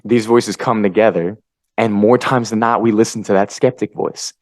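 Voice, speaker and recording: A man hosting a motivational podcast, swinging between energetic pep-talk bursts and low, quiet asides. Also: normal speed, no room sound. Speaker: podcast host. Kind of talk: motivational monologue.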